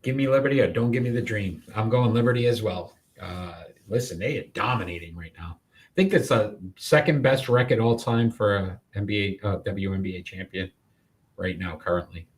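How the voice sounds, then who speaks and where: A man's voice: fairly low pitch, normal speed. A man co-hosting a sports picks show in casual banter, announcing the matchups and joking along.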